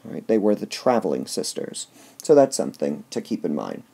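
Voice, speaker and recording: A man's voice: deep voice, big pitch swings, fairly quick, vocal fry, warm tone, husky. A man giving a casual lecture that reviews a play, explaining step by step and often saying "all right". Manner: explains step by step with filler words.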